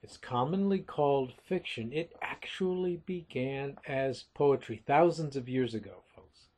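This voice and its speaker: A man teaching literature in a recorded lecture, explaining things deliberately and calling his listeners folks. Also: medium pitch, darkish tone.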